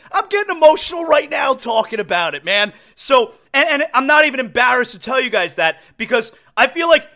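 A man hosting a sports talk podcast, his voice very high and bright. He talks with raw emotion and keeps stumbling over repeated words. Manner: emotional, stammering restarts. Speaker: podcast host. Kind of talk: excited solo sports talk.

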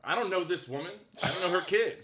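A man in his thirties telling stories in casual podcast chat, lively and excitable. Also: high-pitched, fast talker, noisy background. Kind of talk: casual storytelling.

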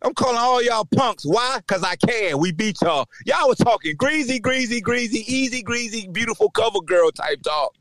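A man hosting a sports podcast, delivering a loud, taunting trash-talk rant with shouting bursts. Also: sits high, expressive, moderate pace, few pauses, no echo. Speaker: podcast host.

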